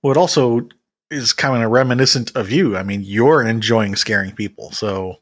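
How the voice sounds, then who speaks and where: Relaxed male podcast interviewer. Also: medium pitch, moderate pace. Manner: relaxed, reflective questions with fillers. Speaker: host, interviewer. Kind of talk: casual interview.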